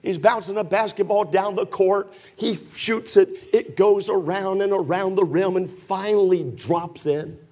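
A man's voice: high-pitched, measured pace, hardly any pauses, a little mellow. A man preaching a sermon in a church, emphatic and folksy, teasing his listeners with sarcastic asides. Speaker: pastor.

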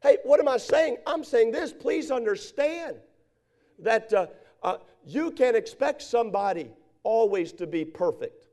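A man preaching a sermon, repeating phrases in a steady cadence and acting out the people in his stories. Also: very high-pitched, a little slow. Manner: repetitive preaching cadence, acts out quoted voices. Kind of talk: sermon with storytelling.

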